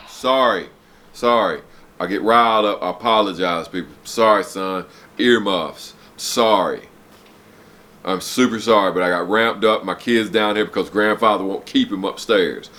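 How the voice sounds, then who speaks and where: A man's voice: lowish voice, moderate pace, sharp tone. A man in his forties ranting straight to camera at home, blunt and heated, cursing and then apologizing before he winds up again. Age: 40s. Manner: heated, profane, preachy, breaks off to apologize. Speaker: vlogger. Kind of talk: blunt unscripted rant to camera. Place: home, downstairs room.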